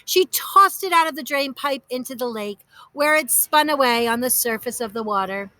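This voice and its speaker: A woman narrating a children's storybook in a lively, expressive way. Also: high-pitched, moderate pace, no room sound.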